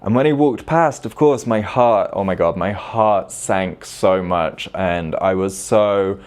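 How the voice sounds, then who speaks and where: A man's voice: sits low, slow pace. A man, telling a personal story to camera in a confessional way and repeating words for emphasis. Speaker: vlogger.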